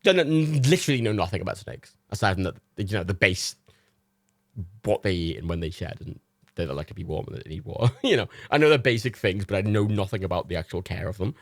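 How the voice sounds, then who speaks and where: A young man hosting a livestream, telling rambling anecdotes in casual chat, animated and full of swearing. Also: low voice, quick pace, vocal fry, dry recording. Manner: animated storytelling with swearing and quoted voices. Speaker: livestream host.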